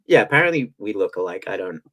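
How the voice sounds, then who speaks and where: An Englishman co-hosts a podcast, chatting casually and ranting playfully with restarts. He talks fast and very animatedly, in a lowish, fairly bright voice.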